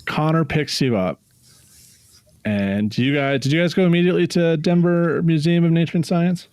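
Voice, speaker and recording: A mid-pitched man keeps a casual podcast chat moving by recapping what happened and asking the next question. His voice sounds close and dry. He speaks plainly, with a few restarts. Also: moderate pace, darkish tone, clear, resonant tone, dry recording. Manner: steers the talk, recaps the story. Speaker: podcast co-host.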